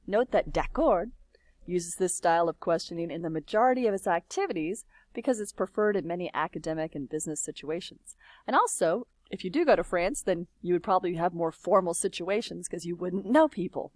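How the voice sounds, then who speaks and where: A woman teaching a recorded slideshow lesson, lively and sing-song when she models phrases, with quiet near-whispered asides. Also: lowish voice, a little fast, no room sound. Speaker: French teacher.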